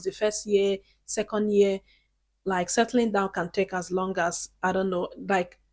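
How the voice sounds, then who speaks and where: A woman's voice: medium pitch, darkish tone. A woman from Nigeria gives casual vlog advice in a chatty, earnest way, often checking in with her viewers. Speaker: vlogger.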